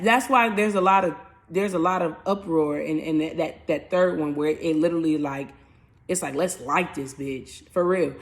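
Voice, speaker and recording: A young adult woman, a spiritual coach, casually talking tarot and astrology, animated and playful, acting out little voices and swearing freely. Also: medium pitch.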